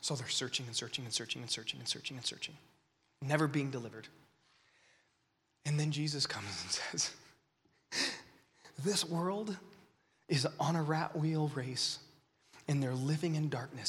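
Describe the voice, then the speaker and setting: Impassioned preacher in a big hall. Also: male voice, medium pitch, normal speed, pauses often. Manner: impassioned, swinging from whispers to shouts. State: fighting the flu. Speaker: speaker at a youth gathering. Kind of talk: sermon. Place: large hall. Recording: long reverb of a large hall.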